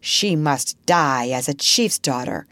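A woman narrator reading a storybook aloud in a measured, expressive way. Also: a bass voice, no echo.

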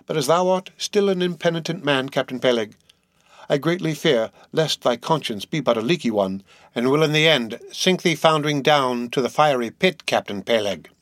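A man voicing a stingy, pious old ship owner who speaks slowly and steadily in a solemn tone. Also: mid-range voice, no echo, close to an everyday voice. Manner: slow, steady, sepulchral. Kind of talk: audiobook character voice.

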